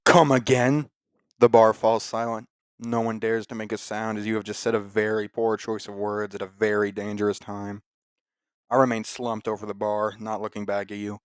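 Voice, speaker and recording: Man doing deadpan mock-dramatic readings. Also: on the low side, normal speed, smooth, no room sound. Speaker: host. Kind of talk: comedic dramatic reading of posts.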